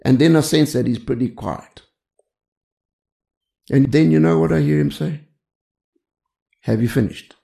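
A man's voice: fairly high pitch, moderate pace, gravelly, pauses often, mellow. An older man preaching a sermon with humor, telling stories in a conversational way and often adding "you see" as an aside. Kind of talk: storytelling sermon.

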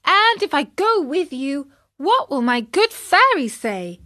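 A woman voicing a wooden puppet boy who sounds high, eager and wavering. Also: sing-song, takes it slowly, bright, forceful tone, full character voice. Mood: pleading.

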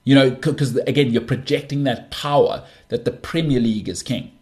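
A man hosting a sports talk show, giving emphatic, repetitive opinions in animated bursts. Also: medium pitch, fairly quick. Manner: emphatic, repeats himself, animated rants. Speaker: podcast host.

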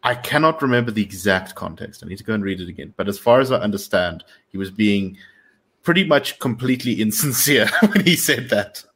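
A man's voice: fairly low pitch, lively intonation, a little fast, a bit bright, husky. A man in casual conversation, laughing easily and speaking loosely. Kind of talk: casual chat.

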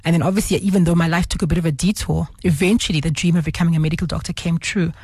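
A woman hosts a radio talk show, her slightly low voice husky and a little worn because she is losing it. She talks in a chatty way with many fillers, close to a dry studio microphone. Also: fairly even intonation, racing, darkish tone, dry recording. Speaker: radio talk show host, medical doctor.

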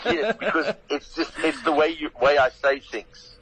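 An older man with a South African accent, a comedian telling animated stories as a guest on a radio interview. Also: a little high, moderate pace, breathy edge, low-quality recording. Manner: animated storyteller who acts out his own quotes.

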